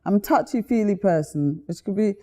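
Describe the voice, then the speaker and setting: A middle-aged woman from Guyana, a guest chatting casually in an interview, telling stories lively and acting out the voices she quotes. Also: mid-range voice, a little fast.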